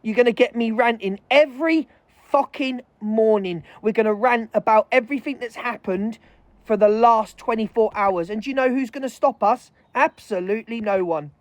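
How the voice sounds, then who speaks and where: A woman's voice: on the high side, normal speed, no room sound. A woman streaming live, furiously ranting with heavy swearing and calling out other creators. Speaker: livestreamer. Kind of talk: angry livestream rant.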